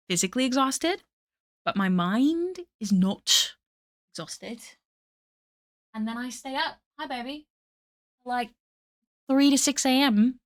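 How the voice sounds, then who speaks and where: A woman's voice: medium pitch, a bit bright, no echo, clean studio sound. A young woman chatting casually with her stream while she draws, rambling and self-deprecating as she reads chat aloud at night. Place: home room at night. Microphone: desk mic.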